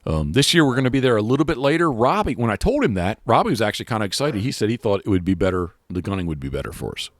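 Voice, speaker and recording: A man's voice: lowish voice, sing-song, racing, few pauses, no room sound, clean studio sound. A man hosting a podcast, talking casually in a rambling way with many restarts and fillers. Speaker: podcast host. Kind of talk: casual chat.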